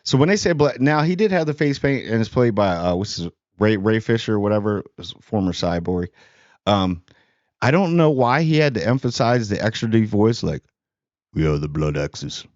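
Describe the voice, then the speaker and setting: A man's voice: on the low side, lively intonation, moderate pace, darkish tone, no room sound, highs cut off. A man giving a casual, rambling movie review, sarcastic and full of fillers.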